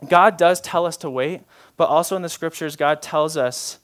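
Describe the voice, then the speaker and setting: Guy preaching a sermon, kinda high voice, chatty and casual, goes soft and slow then loud and punchy. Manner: informal, often uses "like" and restarts. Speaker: pastor.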